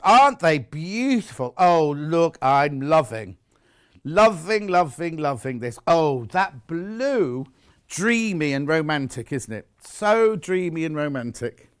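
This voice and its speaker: A man's voice: a little high, very animated, takes it slowly, smooth. A British man presenting live on a shopping channel, chatty and gushing as he shows off fabrics. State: out of breath. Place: TV studio.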